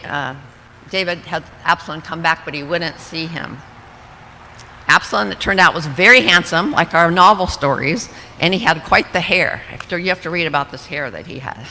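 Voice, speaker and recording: A woman's voice: sits low, bright, forceful tone. A woman giving an earnest, reflective Bible study talk to a women's fellowship, with small slips and restarts. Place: church hall. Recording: reverberant hall, faint background noise.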